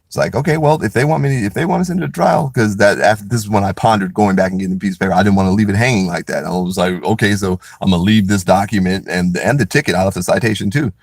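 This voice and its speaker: Low raspy guy ranting, rambly and cussing, keeps restarting, dry close sound. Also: quick pace, few pauses, dry recording. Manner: rambling, frequent restarts, blunt and profane. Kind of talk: casual ranting monologue.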